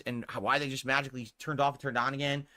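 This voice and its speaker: A man's voice: mid-range voice, little pitch movement, quick pace, a loud crowd. A male streamer talking to his viewers, rambling and hedging, pleading for support.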